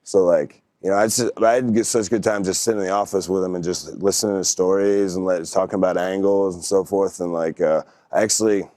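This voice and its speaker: Man, young adult, very low voice, dry close sound; easygoing guest who rambles through anecdotes. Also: fairly even intonation, fairly quick, hardly any pauses, mellow, dry recording. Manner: laid-back, rambling, full of fillers. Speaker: podcast guest. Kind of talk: casual storytelling.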